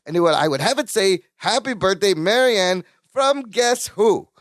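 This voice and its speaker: A man co-hosting a podcast in casual chat, recapping a sitcom episode and acting out characters' lines in quick impressions. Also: high-pitched, expressive, no echo, studio quality. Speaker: podcast co-host.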